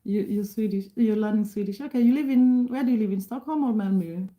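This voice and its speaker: A woman's voice: medium pitch, brisk, dark tone, rough recording. A middle-aged woman from Kenya chatting casually on a live stream, reading and answering viewer comments, laughing often and restarting sentences.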